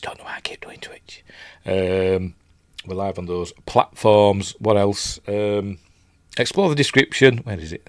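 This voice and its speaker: A middle-aged Yorkshire man chats on a live stream, rambling and poking fun at himself. His voice sits low, and the sound is dry and close. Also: no room sound. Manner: rambling, self-mocking, chatty asides. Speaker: host of a live movie show. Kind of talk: casual live-stream chat. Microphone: desk mic, level being adjusted.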